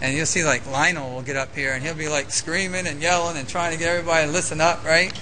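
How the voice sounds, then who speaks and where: A man preaching a sermon as pastor, animated and conversational, with frequent "okay?" asides. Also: a little high, quick pace, a little hiss or hum, poor audio.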